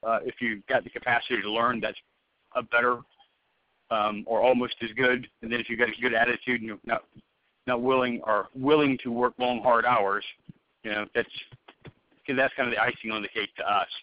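A man's voice: mid-range voice, little pitch movement, brisk, no room sound. A man conducting a job interview over the phone, talking loosely with many fillers and restarts. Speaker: hiring manager interviewing a candidate. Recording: muffled phone-call audio.

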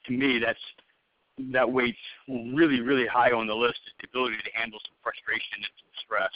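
A man's voice: mid-range voice, level tone, a little fast, no echo. Rambling man interviewing over the phone. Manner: loose, rambling, many fillers and restarts. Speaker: hiring manager interviewing a candidate. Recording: muffled phone-call audio.

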